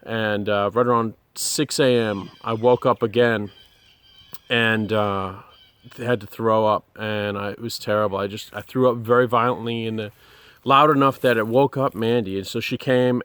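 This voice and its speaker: Guy telling his testimony, earnest and halting, lots of pauses, dry close sound. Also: lowish voice, fairly even intonation, fairly bright tone, clean tone, no echo. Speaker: person sharing a personal testimony. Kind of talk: personal testimony storytelling.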